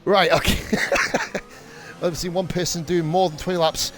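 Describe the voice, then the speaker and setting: A young man streaming live sim-racing commentary, excitable and rambling, swearing freely and going off on rants. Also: a little high, a little slow. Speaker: league streamer and race commentator.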